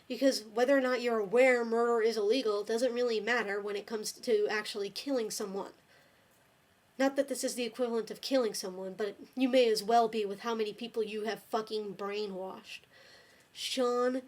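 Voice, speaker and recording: Fed-up woman ranting. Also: on the high side. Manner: exasperated, scolding, swears often. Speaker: video blogger. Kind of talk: angry rant to camera.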